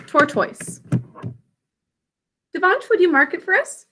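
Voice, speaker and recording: A woman's voice: extremely high pitch, sing-song, slow, pauses often, bright, forceful tone. A woman teaching a reading and spelling lesson over a video call, sounding out words syllable by syllable and encouraging her pupils.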